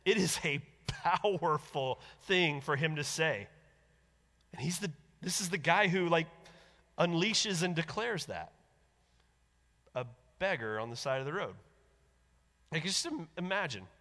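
A man preaching a sermon as a pastor, animated and conversational, acting out the voices he quotes. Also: a little high, measured pace, pauses often, big-room sound.

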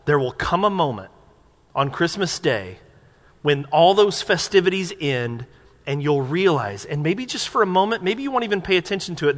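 A man preaching a sermon as pastor, conversational and asking the congregation questions from the pulpit. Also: a little high. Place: church sanctuary. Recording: long hall reverb.

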